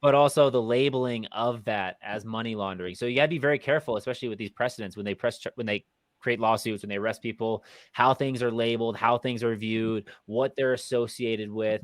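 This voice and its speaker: A man's voice: mid-range voice, brisk, dry recording. A man co-hosting a podcast, talking in a casual, hesitant way with many fillers and restarts. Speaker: podcast co-host.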